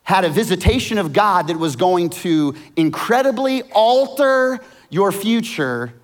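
A man's voice: high-pitched, animated, unhurried. A man preaching a sermon as casual, vivid storytelling with slang. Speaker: pastor.

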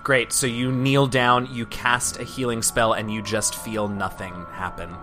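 A man's voice: mid-range voice, flat delivery, unhurried. Game master, male, mid-range voice, narrates with small restarts over background music. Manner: descriptive, with hesitant restarts.

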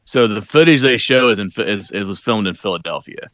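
A middle-aged man co-hosting a podcast, musing thoughtfully about old wrestling with halting fillers. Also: fairly low pitch, lively intonation, a bit bright, no echo. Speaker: podcast co-host.

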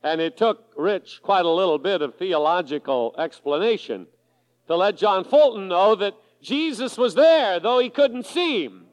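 A man preaching a sermon to his congregation, reading scripture aloud in a measured way. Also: high voice, lively intonation. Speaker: pastor. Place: large church sanctuary. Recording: 1980s sermon recording with long hall reverb.

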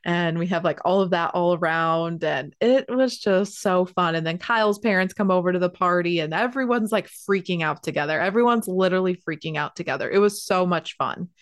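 A pregnant woman, telling a personal story in a chatty, animated way, with a lot of "like" and casual swearing. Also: fairly low pitch, fairly quick, hardly any pauses, no room sound, studio quality. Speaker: spiritual healer sharing a personal story.

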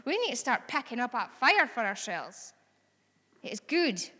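A Scottish woman preaches with a fairly high voice, chatty and earnest by turns, pushing toward bold exhortation. Her words ring out in a long reverberant hall. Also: very animated, normal speed, bright, forceful tone, slightly rough. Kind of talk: sermon.

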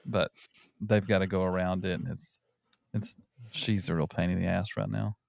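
A man co-hosting a podcast in casual, easygoing chat. His voice is a little low. The recording is dry, with no room sound. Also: little pitch movement, moderate pace, vocal fry, a little mellow, no room sound.

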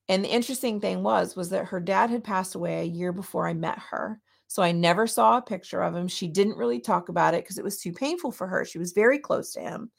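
Animated woman podcaster with gravelly edge. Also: on the low side, normal speed. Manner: animated, acts out quoted dialogue. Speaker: podcast host. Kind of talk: casual storytelling monologue.

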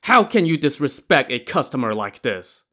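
A man voicing a hot-tempered male warrior disguised as a monk, shouting belligerently. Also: mid-range voice, big pitch swings, normal speed. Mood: angry shouting.

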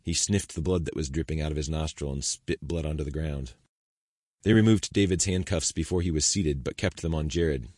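A man reading an audiobook chapter in steady, measured scripted narration, close to the mic. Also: very deep voice, dry recording.

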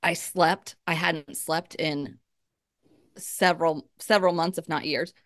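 A woman's voice: low voice, steady tone, unhurried, fairly bright tone, no room sound, studio quality. A middle-aged woman, a podcast guest, earnestly telling her personal faith testimony in conversation. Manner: emotional, earnest storytelling.

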